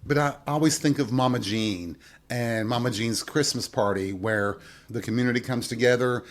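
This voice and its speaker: A man hosts his own show and tells a personal story straight to his listeners. His voice sits at a middle pitch, neither high nor low. He talks candidly, with wry humor and plenty of swearing. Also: moderate pace. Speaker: podcast host.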